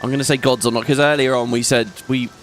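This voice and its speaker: A man's voice: mid-range voice, fairly even intonation, quick pace, a bit bright, soft background music. A man hosting a let's play, chatting casually and rambling as he thinks aloud and laughs often while he plays. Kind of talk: casual gameplay commentary.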